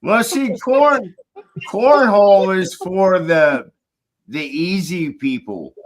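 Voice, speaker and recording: A man's voice: high voice, animated, a little hiss or hum. A man hosting a casual live-stream chat in an easygoing way. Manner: slow, easygoing, chuckling.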